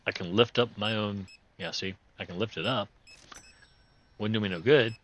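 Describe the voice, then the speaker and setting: A low-pitched man chats through a game session with a hoarse voice that is still on the mend. His tone is sharp and forceful. He rambles, cracks jokes and chuckles as he goes, in folksy, loose grammar. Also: normal speed, highs cut off. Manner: joking, rambling, chuckles often. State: hoarse, recovering voice. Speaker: host playing a video game. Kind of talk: casual gameplay commentary.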